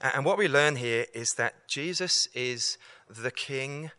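A man's voice: medium pitch, measured pace, pushed and bright, no room sound. A man giving an evangelistic talk to students, earnest and repeating key lines for emphasis. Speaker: campus preacher.

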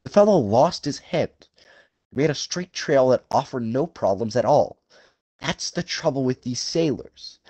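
A man's voice: mid-range voice, expressive, a little mellow, dry recording, pitched above the performer's own voice. A man voicing a suave aristocratic male hunter general, cruel and genteel, with a courtly, purring, theatrical delivery, drawing out his phrases. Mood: languid. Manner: drawn-out, relishing phrasing raised above the narrator's voice. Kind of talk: audiobook character voice.

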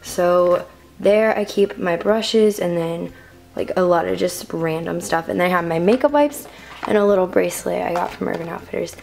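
A woman's voice: on the low side, normal speed, vocal fry, a little mellow. A teenage girl giving a rambling, filler-heavy room-tour vlog to a handheld camera in her bedroom. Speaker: vlogger.

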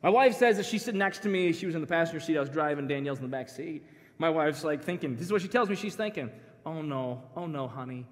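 A man in his thirties preaching at a youth conference, an animated, joking storyteller who talks straight to the crowd. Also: a little high, racing. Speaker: pastor. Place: church sanctuary. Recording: long hall reverb.

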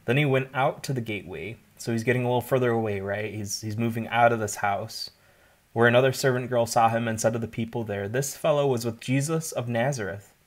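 A man's voice: medium pitch, steady tone, fast. A man, likely a pastor, giving an informal Bible teaching, explaining in a conversational way with asides.

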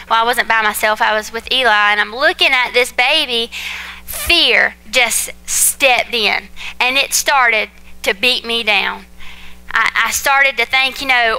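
Bright, lively young woman preaching. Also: high voice, smooth, poor audio. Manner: chatty, animated, addresses congregation as y'all. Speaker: pastor's wife preaching. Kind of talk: sermon with personal stories.

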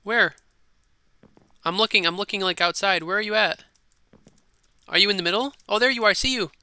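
A high, very bright and smooth man's voice chatters excitedly over gameplay. He is a silly gaming host who repeats his lines, recorded dry and close on a desk mic. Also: fairly quick, no echo. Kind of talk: casual gameplay commentary.

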